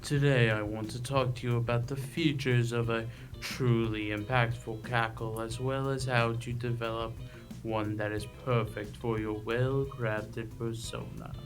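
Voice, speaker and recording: A man reading the lines of a male lecturer who teaches villains how to laugh, in a measured, instructive way. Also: medium pitch, steady tone, natural voice. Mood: lecturing. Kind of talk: reading game dialogue aloud. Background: game music.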